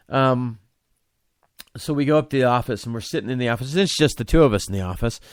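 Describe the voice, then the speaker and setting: A man's voice: mid-range voice, quick pace, no echo, studio quality. A man in his forties, a podcast host, telling a personal story with many restarts and fillers.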